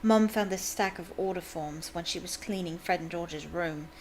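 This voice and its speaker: A woman voicing a wry teenage boy who talks in a quiet, offhand way. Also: fairly low pitch, normal speed, slight background noise, natural voice, low-quality recording. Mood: chatty.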